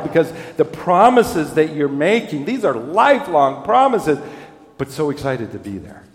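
A pastor preaching a sermon in a relaxed, conversational storytelling style, with bits of self-deprecating humor. His voice sits a little high for a man. The sound is echoey, with a long reverb from the hall.

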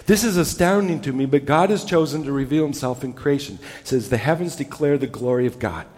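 A male pastor preaching a sermon with emphasis, dropping low and soft on key words. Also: fairly quick, in a large hall.

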